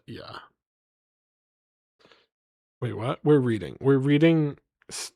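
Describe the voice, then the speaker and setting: A man's voice: medium pitch, lively intonation, takes it slowly, creaky, long pauses, mellow, no room sound, clean studio sound. A man streaming live, rambling playfully to his chat as he reads place names aloud.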